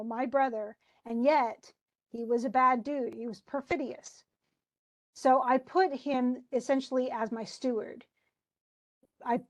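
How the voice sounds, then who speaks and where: American woman, teacher, classroom lecture, animated and chatty, slightly high voice. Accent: General American. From United States. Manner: animated, chatty explaining with casual asides.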